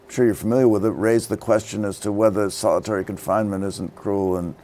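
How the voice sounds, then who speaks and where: An older man hosts a studio interview in a rather low voice. He asks long, careful questions and pauses often with hesitant fillers. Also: steady tone, dark tone. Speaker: interviewer, show host.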